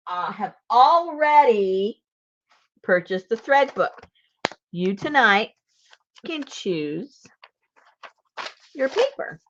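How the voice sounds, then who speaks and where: A woman's voice: mid-range voice, very animated, takes it slowly, long pauses, a bit bright, lo-fi sound. A woman hosting a casual live craft sale, chatty, thinking aloud and laughing easily. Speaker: online shop host. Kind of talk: casual live-stream selling.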